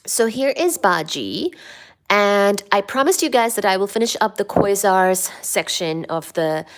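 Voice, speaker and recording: A woman's voice: lively intonation, a little slow. A woman chatting casually on a home live stream, greeting viewers and reading their comments aloud. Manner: reads viewer comments aloud, coos to her cats in a high baby voice. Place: home, upstairs room.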